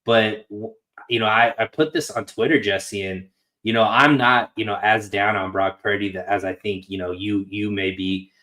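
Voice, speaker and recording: A man's voice: on the low side, fairly even intonation, moderate pace, pushed and bright. A man co-hosting a sports podcast over a video call, talking loosely and rambling with plenty of fillers. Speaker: podcast co-host. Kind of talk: casual sports chat.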